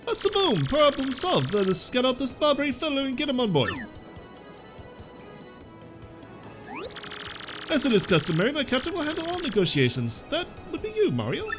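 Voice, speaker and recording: Man doing a showy merchant captain, pompous, wild pitch swings, odd accent, game music. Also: wildly swooping pitch, fast talker, hardly any pauses, full character voice. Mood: boastful. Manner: grandiose, theatrical, vague foreign-sounding accent. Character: pompous flamboyant male merchant sailor.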